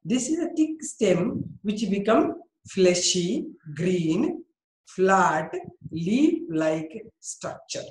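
A woman's voice: mid-range voice, very animated, extremely slow, darkish tone, roomy sound, a little hiss or hum, poor audio. A woman with an Indian English accent teaching a biology class, coaxing students and praising them by name.

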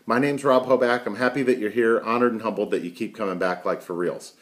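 A man's voice: lowish voice, fairly even intonation, fairly quick, slight background noise. A middle-aged man hosting a casual daily video show from home on a headset mic, rambling and chatty with frequent "right?" asides. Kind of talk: casual daily talk to camera.

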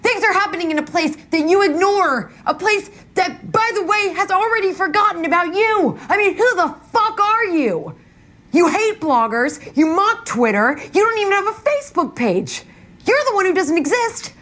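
A young woman who tears into someone with cold, cutting scorn. Her voice sits very high. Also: expressive, normal speed, fairly bright tone. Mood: scornful.

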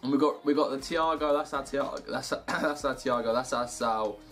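Excitable young gaming YouTuber. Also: male voice, medium pitch, moderate pace. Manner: excitable, shouts and cheers at good packs. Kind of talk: casual gameplay commentary.

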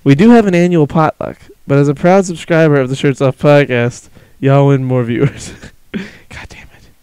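A man's voice: mid-range voice, moderate pace, a little mellow, clear, resonant tone, dry recording. A man hosting a podcast, chatting casually, joking, swearing a lot and laughing often. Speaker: podcast host and streamer. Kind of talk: casual chat.

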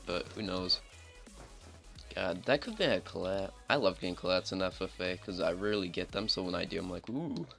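A man's voice: lowish voice, creaky, pushed and bright. A man giving casual, rambling commentary over his own gameplay, talking in a chatty way and saying "like" a lot. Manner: rambling, chatty, heavy use of filler "like". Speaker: gaming channel host.

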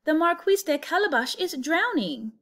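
A woman's voice: very high-pitched, lively intonation, normal speed, fairly bright tone, pitched above the performer's own voice. Cocky clever storybook cat, woman reading him, schemy and showy. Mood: loud. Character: clever boastful talking male cat.

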